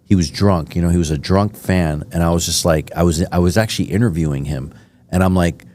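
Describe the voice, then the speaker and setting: A podcast host from Miami with a very low voice. He tells his stories in a rambling, enthusiastic way, full of fillers and asides. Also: a little fast, a little mellow. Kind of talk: casual interview chat.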